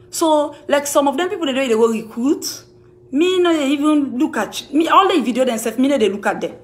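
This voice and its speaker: A woman's voice: high voice, lively intonation, a little fast. Heated Sierra Leonean Krio-accented woman. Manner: accusing, repetitive, emphatic. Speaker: music manager. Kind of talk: heated rebuttal to camera.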